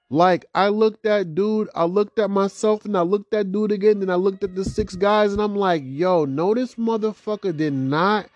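A young man hosting a casual vlog, telling a story in profane street slang with lively, animated delivery. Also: dry recording. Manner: animated, profane street slang, big rises in pitch for quoted reactions. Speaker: vlog host.

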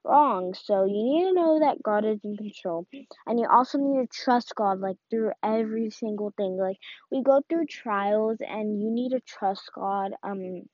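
A woman's voice: mid-range voice, measured pace, a little mellow, no echo. A woman giving a casual devotional talk, rambling and full of "like" and "um". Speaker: faith talk host. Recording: dull, dry lo-fi recording.

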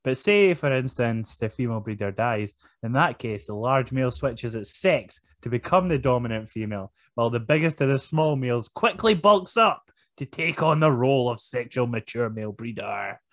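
A man's voice: mid-range voice, animated, normal speed, hardly any pauses, dry recording. A man, co-hosting a casual podcast chat, joking and laughing often. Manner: laughs often, jokey and rambling. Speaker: podcast co-host.

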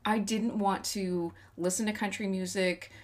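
A woman's voice: mid-range voice, steady tone, unhurried. A woman from West Texas co-hosting a podcast, chatting candidly and poking fun at herself. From West Texas, USA. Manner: chatty, candid and self-mocking. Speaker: podcast co-host. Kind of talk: casual chat.

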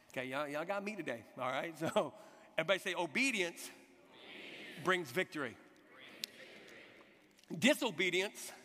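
A man in his forties preaching a sermon, telling stories with energy and leading the congregation in call-and-response. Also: sits high. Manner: animated storytelling with call-and-response. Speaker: pastor. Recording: long hall reverb.

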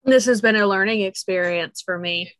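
A woman co-hosting a podcast in casual chat, talkative and quick to laugh. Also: mid-range voice, fairly bright tone, no echo. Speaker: podcast co-host.

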